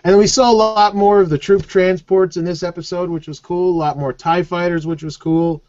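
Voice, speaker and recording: A man co-hosting a casual review chat, animated and chatty, heard over a muffled online call. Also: sits high, normal speed, dry recording. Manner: animated, chatty, leans on "like" and "kind of". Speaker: show co-host.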